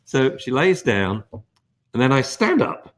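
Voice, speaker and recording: An older man talks dog training on a live webinar. His pitch swings widely as he tells stories, acting out what he and others said. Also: a little slow. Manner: animated storytelling, acts out quotes.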